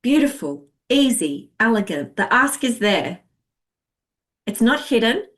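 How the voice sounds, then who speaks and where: A woman sales coach teaching a masterclass in an expressive, chatty way, acting out what clients think. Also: on the high side, a little slow.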